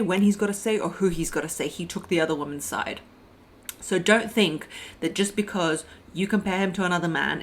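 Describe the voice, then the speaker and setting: A young adult woman coaching on dating in a blunt, emphatic advice monologue, calling her listeners "my loves" and "girl". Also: fairly low pitch.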